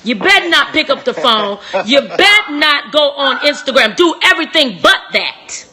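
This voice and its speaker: A young woman hosting a live-stream relationship talk, preachy and emphatic, repeating phrases and swinging from soft to shouting. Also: sits high, sing-song, moderate pace, a little hiss or hum.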